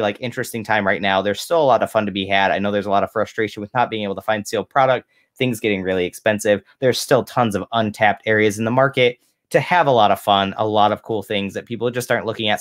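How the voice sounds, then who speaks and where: A man speaking as a guest on a livestream Q&A, giving measured, advisory answers in casual chat over a video call. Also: on the low side. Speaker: guest card collector.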